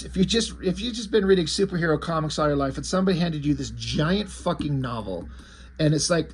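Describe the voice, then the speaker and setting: A man's voice: a little high, breathy edge. A man talking casually in a video review of a comic book, rambling, with fillers and restarts, a self-described comics creator.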